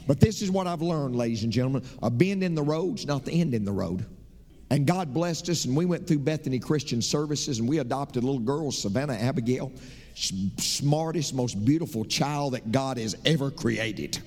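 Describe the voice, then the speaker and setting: A middle-aged man preaching a sermon as pastor, telling folksy stories and moving between loud emphatic lines and soft confiding asides. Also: medium pitch, normal speed. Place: church sanctuary. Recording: reverberant church sanctuary.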